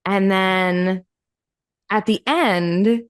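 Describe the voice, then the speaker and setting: A woman hosting a podcast, telling a story in a casual chat, lively, acting out the voices in it and swearing freely. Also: medium pitch, drawn-out words, clean tone. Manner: animated, acts out quoted voices, swears freely. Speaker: podcast host.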